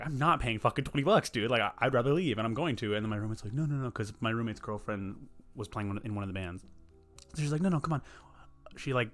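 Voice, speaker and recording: A man's voice: medium pitch, a bit bright. A young man, telling a rambling, profane story in a casual podcast chat. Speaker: podcast host.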